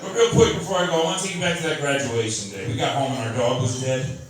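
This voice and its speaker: Crude, sardonic stand-up comic. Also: male voice, medium pitch, expressive, quick pace. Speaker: stand-up comedian. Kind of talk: stand-up comedy set. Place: comedy club stage. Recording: echoey club from far off, crowd laughing. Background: audience laughter.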